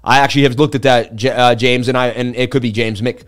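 A man hosting a live market-analysis stream, talking in a chatty, excitable way and turning to his viewers to answer chat between chart readings. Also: medium pitch, fast talker, clean tone. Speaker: livestream host.

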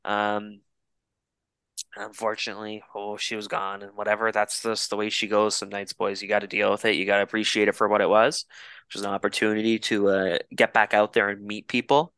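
A man's voice: lowish voice, flat delivery, a little fast, fairly bright tone, clean tone, no echo. Young man telling a rambling profane story. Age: 20s. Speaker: podcast co-host. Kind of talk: casual storytelling chat.

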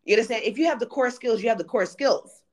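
A woman, a project manager, talking as a podcast guest in animated casual chat. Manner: animated, conversational, quick pitch jumps.

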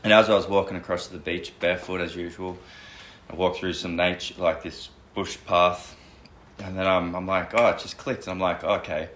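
A man's voice: sits low, moderate pace, reverberant. A man co-hosting a podcast, chatting casually and retelling a conversation with lots of "I'm like.". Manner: relaxed, retells dialogue with many "I'm like". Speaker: podcast co-host. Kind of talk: casual chat, storytelling.

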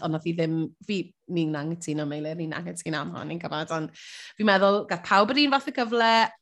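A woman's voice: on the low side, fairly quick. A woman with a Welsh accent, co-hosting a casual chat, mixing Welsh and English and laughing easily. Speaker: co-host. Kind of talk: casual chat reviewing a TV show.

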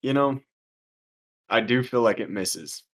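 A man's voice: mid-range voice, a little slow, a bit bright. A young man co-hosting a podcast, teasing his friend and laughing often in casual chat. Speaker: podcast co-host.

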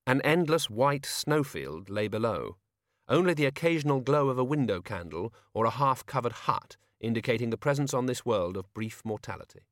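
A man narrating an audiobook with a measured, expressive reading. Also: mid-range voice, no room sound, studio quality.

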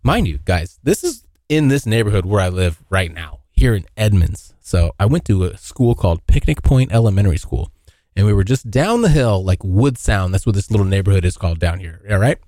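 A man's voice: fairly low pitch, a little fast, no room sound, clean studio sound. A young man from Washington State hosting his own podcast, telling a rambling, profane story in a casual solo chat. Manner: rambling, profane, animated when acting out scenes. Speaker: podcast host.

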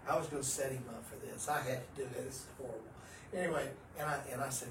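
A man, a pastor co-hosting a podcast, telling stories animatedly and swinging from hushed to loud. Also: medium pitch, quick pace. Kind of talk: casual religious podcast chat. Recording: roomy, distant mic, faint noise.

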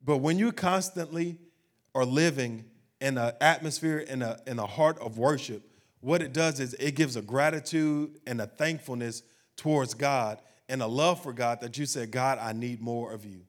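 A man's voice: medium pitch, moderate pace. A man pastor preaching a sermon, building to emphatic, rising peaks and asking the congregation questions.

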